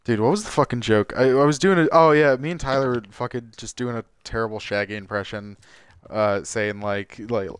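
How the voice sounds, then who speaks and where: A man's voice: medium pitch, a little fast, smooth, no echo, studio quality. Rambling, sweary man playing a game. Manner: rambling, sweary, restarts often. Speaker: gaming YouTuber. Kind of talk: casual let's-play chat.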